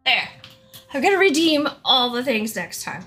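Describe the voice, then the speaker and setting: A woman's voice: high-pitched, very animated, moderate pace, fairly bright tone, faint music behind. A woman streamer chatting casually on a livestream, giggling often and a little out of breath. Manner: giggly, laughs often between words.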